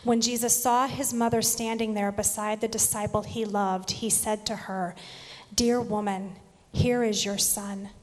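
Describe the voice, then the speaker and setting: A woman reads a passage of scripture and then reflects on it in a measured sermon. Her voice sits at an ordinary pitch. A long hall reverb trails after her words. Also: little pitch movement. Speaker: scripture reader and preacher.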